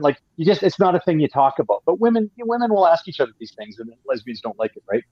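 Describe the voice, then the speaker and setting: A man's voice: a little high, animated, fast, hardly any pauses, slightly rough, no echo, lo-fi sound. A man from Canada, a guest telling long profane stories in casual chat, with many restarts. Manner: profane, rambling, frequent restarts.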